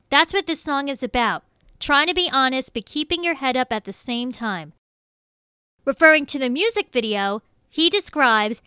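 A woman with a high, bright voice delivers a scripted music review. Her tone is smooth and clear, and she reads out facts and figures at a measured pace. The sound is dry and close. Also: lively intonation, no echo. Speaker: music commentator.

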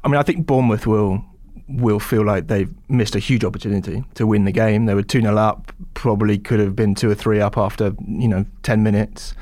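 Man, football reporter, low voice, dry close mic, hesitant restarts. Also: fairly even intonation, brisk, hardly any pauses, warm tone, no echo. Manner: thoughtful, hesitant, many restarts. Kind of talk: casual podcast discussion.

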